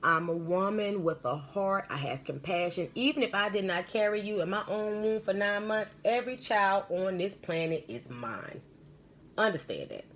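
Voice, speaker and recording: A woman's voice: mid-range voice, expressive, moderate pace, fairly bright tone, a little hiss or hum. A woman hosting a live stream as a spiritual medium, telling stories and giving advice in a rambling, emphatic, slangy way.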